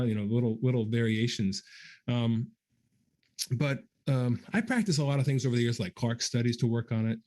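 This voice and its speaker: A man at a middle, everyday pitch talks through a musical question in a relaxed livestream chat. He thinks aloud with frequent ums and restarts, and breaks into quick scatted articulation syllables to demonstrate. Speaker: guest trombonist answering viewer questions. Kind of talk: casual livestream Q&A.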